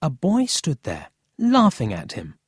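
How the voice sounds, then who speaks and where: Slow, lively storybook narrator. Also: medium pitch, slightly rough, dry recording, studio quality. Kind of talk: storybook reading for English learners.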